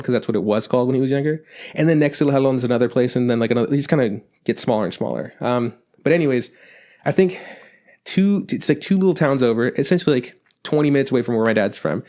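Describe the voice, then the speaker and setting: A man's voice: medium pitch, warm tone. A man co-hosting a podcast, chatting casually and rambling through stories. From Mexican-American family. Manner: rambling, quotes people in put-on voices. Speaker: podcast co-host. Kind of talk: casual chat.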